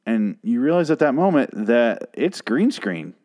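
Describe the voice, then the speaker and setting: A man's voice: mid-range voice, sing-song, measured pace, a little mellow. Irritated man ranting about a TV episode. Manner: angry, profane ranting with frequent restarts. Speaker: TV episode reviewer. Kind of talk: casual recap rant.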